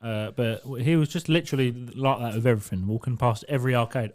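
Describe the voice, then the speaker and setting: A man's voice: mid-range voice, fast talker, darkish tone. A young man co-hosting a podcast, telling sweary stories in casual chat and laughing as he goes. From England. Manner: sweary storyteller, laughs often, acts out voices in quotes. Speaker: podcast co-host. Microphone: studio mic on arm.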